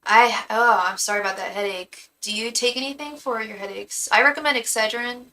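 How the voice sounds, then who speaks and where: A woman in her thirties hosts a live-streamed tarot reading, talking loosely and filling pauses with ums. Her voice is bright with a gravelly edge. She sits some distance from the camera mic, with a faint hiss behind her. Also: fairly high pitch. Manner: chatty, heavy on ums, addresses viewers as girl. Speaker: tarot reader and psychic.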